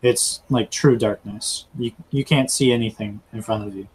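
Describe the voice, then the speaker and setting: A man narrating a tabletop role-playing game as game master, in a halting storytelling way. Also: mid-range voice, fairly even intonation, darkish tone, slight background noise, poor audio.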